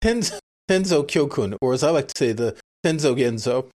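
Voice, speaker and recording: A man's voice: medium pitch, lively intonation, normal speed, a little mellow. A man from New City, co-hosting a casual podcast and joking wryly. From New York City. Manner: wry, joking. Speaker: podcast co-host.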